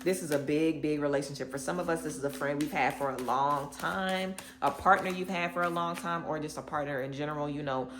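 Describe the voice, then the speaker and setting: A woman's voice: low-pitched, fairly even intonation, a little fast, hardly any pauses, fairly bright tone, echoey room. A woman giving a tarot reading straight to her viewers, emphatic and preachy, repeating words for stress. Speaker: tarot reader. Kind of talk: direct-to-camera tarot reading.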